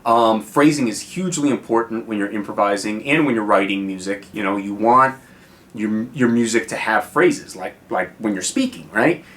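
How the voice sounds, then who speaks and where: An American guitar teacher gives a casual lesson on video, speaking at a moderate pace in a lowish voice with a fairly bright tone. He's chatty, full of fillers, and keeps checking in with "right?".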